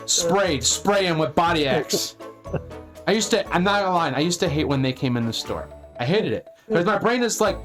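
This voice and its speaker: Man, podcast host, casual storytelling, animated, exasperated, laughs a lot, slightly high voice, faint background music. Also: normal speed.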